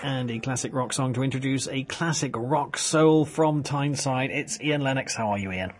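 A man's voice: mid-range voice, normal speed. A man hosting a radio talk show, joking and rambling with plenty of fillers. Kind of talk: casual banter on local radio.

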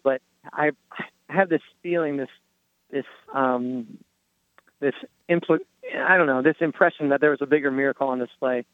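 A man's voice: a little high, no echo. Guy telling his testimony, earnest, stops and restarts a lot, tinny phone sound. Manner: earnest storytelling, halting restarts. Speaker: guest. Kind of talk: personal testimony in a faith podcast.

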